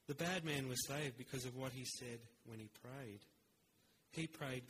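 A man preaching a sermon in an earnest, measured way, with rhetorical pauses. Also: medium pitch, a bit bright, slight background noise, poor audio.

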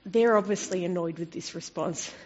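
A woman preaching a sermon in a conversational way, turning expressive when she quotes scripture. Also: lowish voice, moderate pace. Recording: dull lo-fi recording.

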